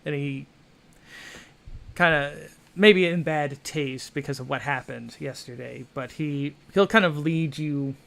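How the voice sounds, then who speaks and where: A man with a bright, slightly high voice runs a tabletop game. He narrates in a loose, rambling way, circling back with "kind of" and "uh" between restarts. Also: a little slow, gravelly. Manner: rambling, filler-heavy, with many restarts. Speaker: game master.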